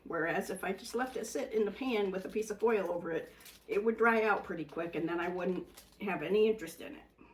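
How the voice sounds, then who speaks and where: A woman's voice: mid-range voice, a little fast. A woman hosting a casual home cooking demonstration, explaining each step plainly and chattily with easy fillers, in a kitchen. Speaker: cooking channel host. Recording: voice a bit far from the mic.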